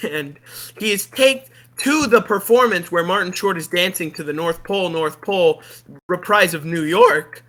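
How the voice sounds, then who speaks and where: A streamer telling a movie plot as a comedic rant, animated and giggly, with frequent swearing. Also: mid-range voice, normal speed.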